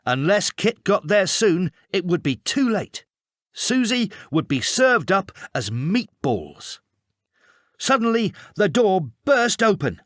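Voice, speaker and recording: A man reading a storybook aloud in a measured, expressive way. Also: a little high, no room sound, studio quality. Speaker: storybook reader. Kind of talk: storybook narration.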